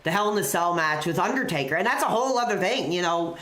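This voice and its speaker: A woman's voice: on the low side, animated, fast, a bit bright. Rambling woman host in a roomy space. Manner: rambling storyteller with constant "you know". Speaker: live wrestling show host. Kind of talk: off-the-cuff live-stream chat.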